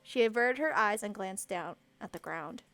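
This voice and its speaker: A woman streamer reading a visual novel aloud with expressive, self-mocking asides. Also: mid-range voice, moderate pace, faint music behind. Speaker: let's play streamer.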